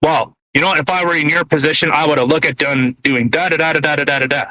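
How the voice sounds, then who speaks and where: Rambling podcast guy, bright voice. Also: on the high side, steady tone, quick pace, low-quality recording. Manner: rambling, many fillers and restarts, blunt swearing. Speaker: podcast co-host. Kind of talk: casual political chat. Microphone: podcast mic, eating while talking.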